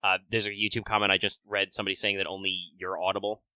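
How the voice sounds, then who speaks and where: Fast-talking game master with a bright voice. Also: male voice, deep voice, level tone, no room sound. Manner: quick, chatty, self-correcting. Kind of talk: running a tabletop game over voice chat.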